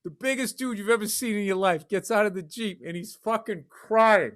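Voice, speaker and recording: A middle-aged man co-hosting a podcast, telling animated, profane childhood stories in casual chat. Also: sits high, moderate pace. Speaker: podcast co-host.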